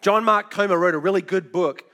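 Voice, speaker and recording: A middle-aged male pastor giving a sermon in a conversational, storytelling way, with quick asides and light laughs. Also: high voice, bright, forceful tone.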